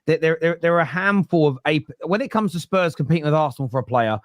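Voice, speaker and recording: A man's voice: a little high, animated, quick pace, no echo, studio quality. A man hosting a casual football fan debate, rambling through long animal analogies with frequent restarts.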